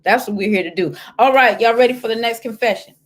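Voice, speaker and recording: A sassy woman who hosts and works as a life coach reads listener confessions in a casual chat, talking fast in a higher voice. She's animated and speaks straight to the listener.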